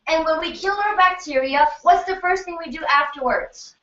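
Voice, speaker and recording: A woman health practitioner leading a lively workshop lecture, firing questions at her audience in an animated way. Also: very high-pitched, normal speed. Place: event room in New York City. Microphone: distant room mic. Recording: echoey room, distant mic, muffled, faint noise.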